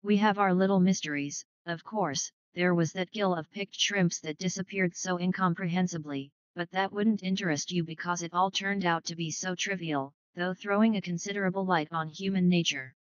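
Gentle old spinster lady as a woman reads her, modest, soft, rambling, low voice, dry dull sound. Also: moderate pace, hardly any pauses, clear, resonant tone, no room sound, lightly acted. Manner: modest, rambling, softly spoken. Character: elderly spinster lady sleuth, gentle and anxious.

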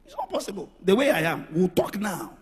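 A middle-aged man preaching a lively sermon, swinging from soft, intimate asides to loud shouts, with a raspy voice. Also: sits high, brisk. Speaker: pastor. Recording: reverberant hall with music behind.

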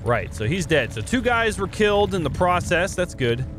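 A young man giving casual, excitable gameplay commentary, often swearing and saying dude. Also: high voice, normal speed, noisy background. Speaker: let's play gamer. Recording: game music playing behind.

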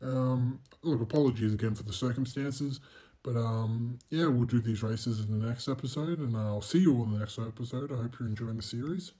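A young man commentating his own racing game playthrough, swearing constantly, mocking himself and bursting into loud exclamations. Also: medium pitch, brisk, husky. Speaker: gaming channel host.

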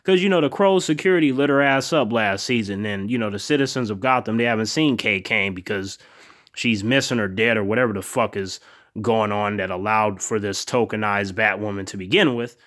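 A man's voice: on the low side, brisk, fairly bright tone. A man hosting a casual vlog review, laid-back and profane, often laughing and acting out characters' lines. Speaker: TV show reviewer and channel host.

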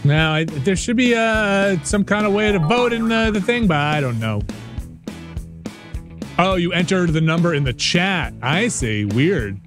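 Male streamer-host, animated and chatty while fixing tech trouble, music in the background. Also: high-pitched, unhurried. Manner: chatty, trouble-shooting, running the game. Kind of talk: casual game stream chat.

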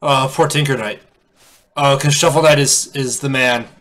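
A man's voice: medium pitch, steady tone, normal speed, a bit bright. A man casually commenting in a playful, chatty way as he plays a video game. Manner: playful, chatty, reacts aloud. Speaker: let's play host.

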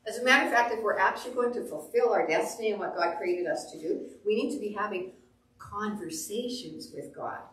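A woman pastor preaching a sermon, telling stories with animated delivery and acting out quotes. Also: mid-range voice, a little fast, recorded from a distance. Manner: animated storytelling, acts out quotes. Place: church sanctuary. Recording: echoey room, voice off the mic.

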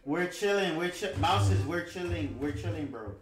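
A man's voice: a little high, expressive, moderate pace, roomy sound, a crowd in the background. A young man hosting a casual gaming livestream, talking laid-back with his friends and often repeating himself. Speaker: livestream host. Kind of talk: casual gaming stream chat.

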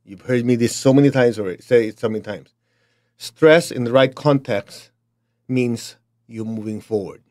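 Middle-aged man, Chinese accent, motivational teacher, blunt and emphatic, mid-pitched voice. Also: normal speed, a little mellow. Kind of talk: motivational talk.

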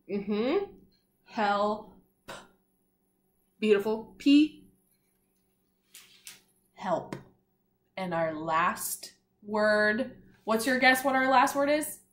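Woman, kindergarten teacher, slow and clear, encouraging, echoey room. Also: a little high. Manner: patient, encouraging, sounds out letters. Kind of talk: slow, clear classroom instruction to young children.

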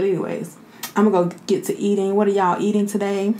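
A woman's voice: mid-range voice, flat delivery, quick pace, mellow, slight background noise. A woman hosting a mukbang video, chatting casually with viewers and calling them y'all. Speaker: mukbang host. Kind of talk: casual eating vlog chat.

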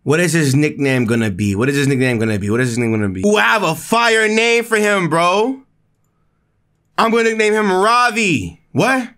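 A young man giving excited, slangy commentary while playing a video game, jumping up in pitch when he reacts. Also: normal speed, clean tone. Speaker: gaming video creator. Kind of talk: excited let's-play commentary.

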